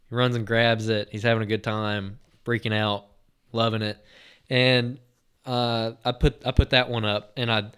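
This podcast host recounts an exciting moment in a loose, rambling way, circling back on himself and sprinkling in "like" and "uh." His medium-pitched voice has a clean tone, and his delivery remains easygoing and chatty.

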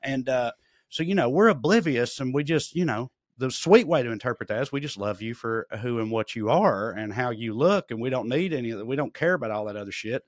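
Male podcast co-host; middle pitch, dry studio sound; easygoing, slangy talker. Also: animated, a little fast, dry recording. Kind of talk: casual chat.

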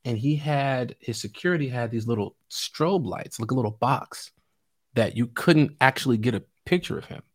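Man guest from Chicago, middle-aged, animated anecdote teller with a middle pitch. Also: moderate pace. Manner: animated, laughing often, acts out quotes. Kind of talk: casual storytelling.

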